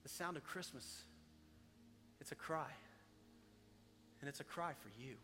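A man in his thirties, a pastor giving a sermon, swinging from loud, rising passages to hushed, soft ones. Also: on the high side, a little slow, pauses often, slight background noise. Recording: long reverb of a large hall.

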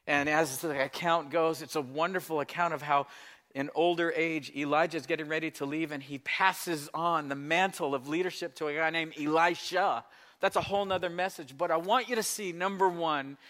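Male pastor, sermon delivery, high bright voice, dramatic swings from loud to hushed. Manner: acts out Bible voices, shifts between loud pleading and soft hushed tones.

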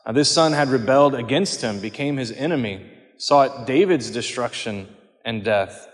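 Guy giving a homily in a church, earnest, takes his time, mid voice, big echoey hall. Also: mid-range voice. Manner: measured and earnest, slowing for quoted words. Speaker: priest. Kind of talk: homily on scripture. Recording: long hall reverb.

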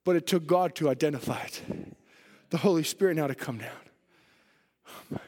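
A man preaching a fervent sermon in a church, swinging between loud, driven passages and quiet ones. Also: a little high, measured pace. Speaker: pastor. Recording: long reverb of a church hall.

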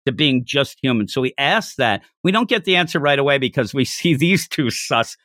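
A man's voice: medium pitch, animated, fairly quick, sharp tone, dry recording, studio quality. A man co-hosting a casual podcast about a manga, talking animatedly and acting out characters' lines in shifting voices. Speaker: podcast co-host.

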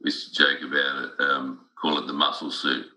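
A man's voice: very deep voice, monotone, brisk, pushed and bright, rough recording. A middle-aged man in casual conversation, telling stories earnestly with frequent restarts.

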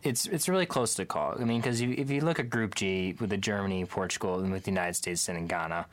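A man's voice: low-pitched, fast. A man giving his take in a casual sports chat, hesitant and restarting often. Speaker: sports pundit.

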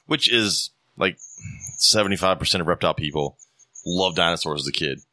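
A man's voice: low voice, a little fast, bright, forceful tone, no room sound, studio quality. A man in his thirties hosting a podcast, telling stories in a loose, profane, casual way. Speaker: podcast host. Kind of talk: casual chat.

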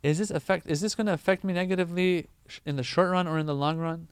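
A man giving a conversational sermon, explaining verses with everyday examples and rising to animated emphasis. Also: a little high, quick pace, clear, resonant tone, no echo. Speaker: preacher.

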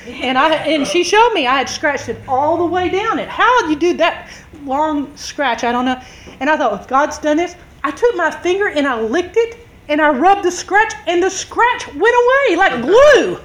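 High-voiced woman telling a story. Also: moderate pace. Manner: animated, dramatic storytelling, acts out shouts. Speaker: preacher. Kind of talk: storytelling sermon.

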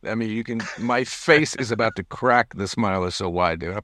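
Animated storytelling man, dry sound. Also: lowish voice, normal speed, dry recording. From United States. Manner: animated storyteller, acts out quotes, laughs often. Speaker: guest musician. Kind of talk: casual storytelling interview.

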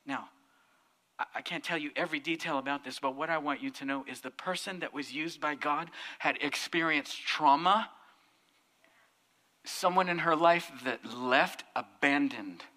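A male pastor preaching a sermon, telling a story in an animated, emphatic way. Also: a little high, normal speed, long reverb tail.

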